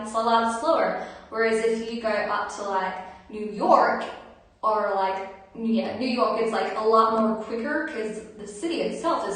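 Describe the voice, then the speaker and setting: A woman's voice: on the high side, a little slow, a bit bright. A woman singer-songwriter chatting casually with her livestream viewers between songs, giggly and reading out their comments. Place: bathroom. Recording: echoey bathroom from far off, guitar.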